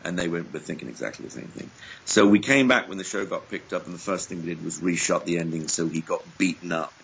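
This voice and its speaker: A man from England chats as a podcast guest, telling stories in a playful, animated way. His low voice has a gravelly, husky edge. The audio is dull and lo-fi. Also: quick pace. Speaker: guest actor. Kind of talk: casual interview chat.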